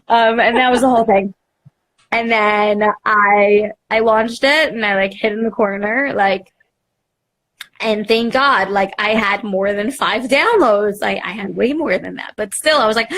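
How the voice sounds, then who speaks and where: A young woman, a podcast host, candidly telling her story in a live interview, self-mocking and animated, full of "like" and acted quotes. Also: mid-range voice, moderate pace.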